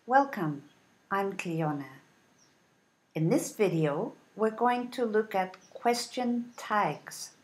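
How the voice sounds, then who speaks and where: A woman teaching an English lesson, reading example sentences and modeling intonation with deliberate, clear enunciation. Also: mid-range voice, darkish tone. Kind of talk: slow, careful English lesson.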